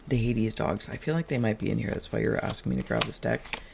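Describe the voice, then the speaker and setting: A tarot reader hosting a relaxed, channeled reading, who talks in a musing, chatty way and drifts into humming and asides. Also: medium pitch, fast talker, creaky, noisy background.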